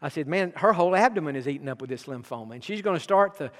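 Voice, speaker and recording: A man's voice: a little high, animated, fast talker, fairly bright tone, long reverb tail. A middle-aged man preaching a sermon as pastor, earnest and personal, telling stories from his own life. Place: church sanctuary.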